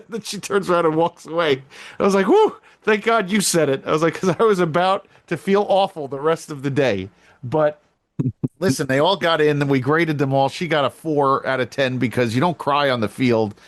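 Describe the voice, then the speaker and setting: A middle-aged man co-hosting a casual podcast who tells stories animatedly and jumps up in pitch when he acts out what people said. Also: normal speed, dry recording. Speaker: podcast co-host; girls flag football coach. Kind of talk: casual chat.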